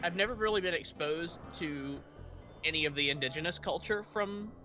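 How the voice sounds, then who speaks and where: A man's voice: on the high side, normal speed, pushed and bright, a little hiss or hum. A man, the stream's moderator, telling a long story in a casual, rambling way with many fillers.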